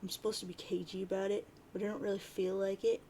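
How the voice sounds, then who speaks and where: A woman's voice: mid-range voice, level tone, quick pace, mellow, slight background noise, natural voice. A woman reading out the lines of a cocky teenage boy fused with an orange bird, in a near-plain voice.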